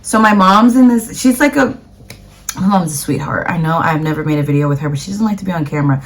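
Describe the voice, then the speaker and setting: A woman's voice: fairly low pitch, fast. Chatty woman vlogger, rambling casually. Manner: chatty, rambling, lots of fillers. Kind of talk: casual chat to camera.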